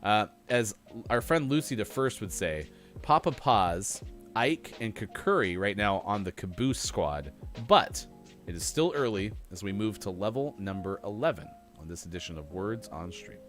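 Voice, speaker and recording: A man's voice: fairly low pitch, lively intonation, normal speed, a bit bright, faint music behind. A man co-hosting a morning gaming stream, reading out player scores in an upbeat announcer way. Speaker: morning show co-host. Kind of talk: live-stream game commentary.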